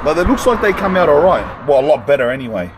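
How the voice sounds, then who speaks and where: A young man filming a casual travel vlog, talking in excitable slang and calling the viewer bro, cuz and lad. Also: fairly high pitch, fast, noisy background. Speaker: travel vlogger.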